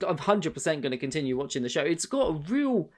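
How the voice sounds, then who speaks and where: A man's voice: a little high, big pitch swings, fast talker. A man co-hosting a podcast, chatting casually, rambling with many restarts and swearing freely. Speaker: podcast co-host. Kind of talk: casual chat.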